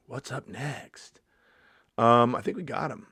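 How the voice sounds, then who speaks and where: A man's voice: medium pitch, slow pace, a bit bright, slightly rough, no room sound, clean studio sound. A middle-aged male comedian in a casual vlog, reading slang definitions aloud and riffing on them with sarcasm and swearing. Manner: sarcastic, swears freely, reads definitions aloud then riffs. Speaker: comedian vlogger.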